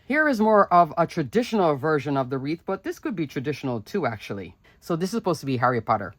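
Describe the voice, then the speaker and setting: A woman's voice: low-pitched, sing-song, fast, no room sound. A woman hosting her own craft channel, chatting enthusiastically as she shows off card after card, with lots of asides. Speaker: papercraft channel host. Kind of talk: casual show-and-tell of handmade cards.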